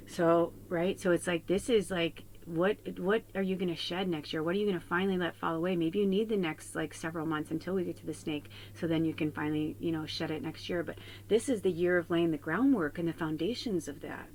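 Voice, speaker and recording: Female tarot reader and medium, lower-pitched, casual and candid with a frank mouth, earnestly encouraging her audience. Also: fairly even intonation, brisk, hardly any pauses, darkish tone, a little hiss or hum, rough recording. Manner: candid and chatty, swears freely. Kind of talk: casual spiritual chat to viewers.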